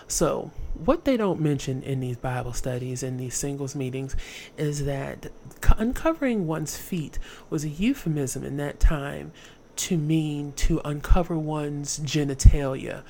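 A woman casually retelling a story for laughs, slangy and animated. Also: low voice, a little slow, a little hiss or hum. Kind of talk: comic storytelling.

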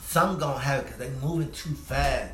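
Male co-host, unhurried slang-heavy storyteller, mid pitch, recorded in an echoey room. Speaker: podcast co-host. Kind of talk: casual TV review chat. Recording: echoey room with faint noise.

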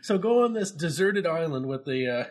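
A man co-hosting a casual game-review chat who laughs often and gets excited easily. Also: a little high. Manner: giggly, excitable, quick to laugh. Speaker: co-host.

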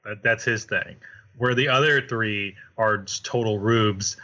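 A man's voice: lowish voice, measured pace, pushed and bright. A man co-hosting a podcast in casual chat, talking loosely, laughing often and swearing freely. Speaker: podcast co-host.

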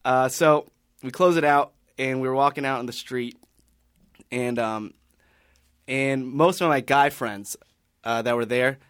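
A man's voice: mid-range voice, a little slow, long pauses, a bit bright, smooth, no echo, clean studio sound. Rambling man telling a story. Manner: rambling, many restarts and fillers. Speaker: podcast panelist. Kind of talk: casual storytelling.

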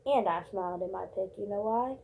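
A woman's voice: medium pitch, fairly quick, gravelly, warm tone, slight background noise. A young woman vlogging alone in a casual, profane, rambling rant full of fillers and rhetorical questions. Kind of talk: casual ranting monologue.

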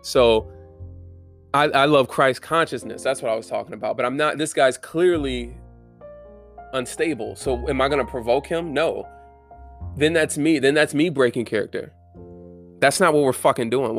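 A young man giving a casual, blunt, profane motivational monologue with fervent conviction. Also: mid-range voice.

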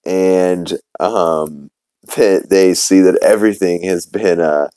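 Man, young adult, from new orleans, podcast host, casual recap, rambling with fillers, low voice, smooth tone. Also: takes it slowly, dark tone, dry recording, low-quality recording. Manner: rambling, many fillers, acts out quotes.

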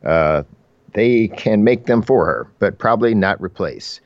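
A man co-hosting a podcast in casual chat, halting and laughing at himself as he reads out listener emails. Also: on the low side, animated, dry recording, muffled recording. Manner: halting, laughing, self-deprecating. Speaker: podcast co-host.

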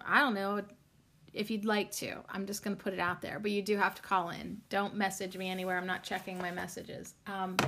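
Talking solo on her podcast, this woman keeps things chatty and meandering, dropping frequent ums and a swear word here and there. She has a slightly bright, mid-range voice.

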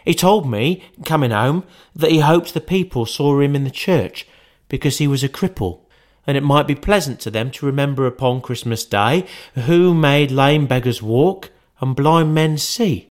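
Man doing a gentle poor dad in a storybook, tender, bit shaky. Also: medium pitch, expressive, moderate pace, pitched above the performer's own voice, close to an everyday voice. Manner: tender, slightly tremulous. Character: poor, gentle, loving father.

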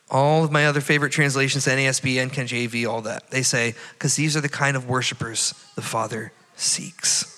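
A man preaching a sermon, retelling a Bible story in an animated way and acting out the dialogue. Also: mid-range voice, a little fast, few pauses. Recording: long reverb of a church hall.

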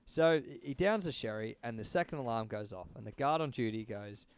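A man's voice: mid-range voice, a little fast. A man, co-hosting a podcast and retelling a story in casual, swearing chat. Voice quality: gravelly, animated, swears freely. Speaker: podcast co-host.

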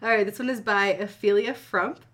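A woman's voice: medium pitch, fairly even intonation, a little fast, a bit bright. A woman co-hosting a casual chat, joking and swearing freely and reading fan fiction aloud. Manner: profane, joking. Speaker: podcast co-host.

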